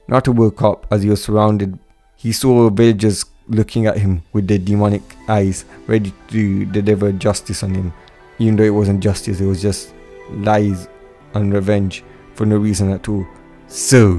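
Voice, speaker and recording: Low, dark-voiced man reading a fan story. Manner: unpolished reading with slips and restarts. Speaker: narrator. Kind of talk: amateur fan fiction reading.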